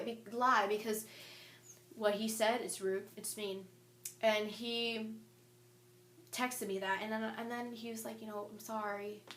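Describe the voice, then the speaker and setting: A young woman telling a storytime vlog, animated and indignant, reading out old text messages. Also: mid-range voice. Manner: animated and indignant, quoting texts aloud. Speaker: vlogger. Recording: echoey room.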